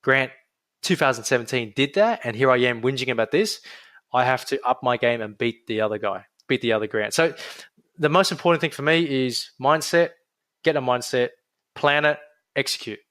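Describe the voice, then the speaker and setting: A young adult man with an Australian accent, a podiatrist guest talking in a casual, energetic interview with frequent restarts. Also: mid-range voice, moderate pace, no room sound.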